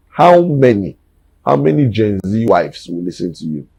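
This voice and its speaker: A man's voice: on the low side, sing-song, normal speed, creaky, mellow, husky, no room sound, poor audio. A man, giving an emphatic, preachy opinion monologue and repeating words for emphasis. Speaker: commentator.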